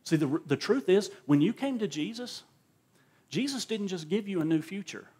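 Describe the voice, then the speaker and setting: A man's voice: high voice, expressive, normal speed, dark tone, slightly rough. A male pastor preaching a sermon at a church service, emphatic and repeating words as he drives his points home.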